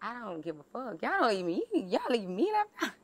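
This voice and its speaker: A woman's voice: on the high side, sing-song, a crowd in the background. A young woman talking as a guest in a casual chat, blunt and cursing freely as she tells stories. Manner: blunt, heavy cursing, drawn-out storytelling.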